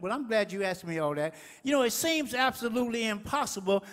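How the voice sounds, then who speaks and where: High, bright-voiced fiery preacher. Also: male voice, lively intonation, fairly quick, hardly any pauses. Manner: fiery call-and-response preaching, shouting at peaks. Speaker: pastor. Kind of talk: sermon. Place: church sanctuary. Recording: echoey church hall.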